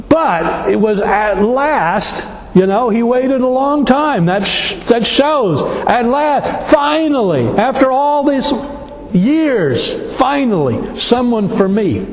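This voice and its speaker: A man preaches a sermon in a high, lively voice, piling up rhetorical questions. He speaks slowly and deliberately. The sound rings through a big hall with long reverb and faint background noise. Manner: animated, full of rhetorical questions.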